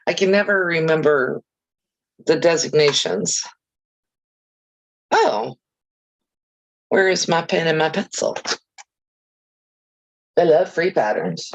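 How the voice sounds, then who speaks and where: A woman's voice: low-pitched, creaky, muffled recording. A woman hosting a casual crafting livestream, chatting easily with viewers and reading out their comments, with chirpy, self-deprecating asides.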